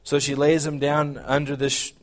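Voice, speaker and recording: A man preaching a sermon, earnest and halting, often repeating words as he explains scripture and reads old-style verses aloud. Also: a little high, monotone. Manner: reads scripture aloud in King James wording. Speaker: pastor.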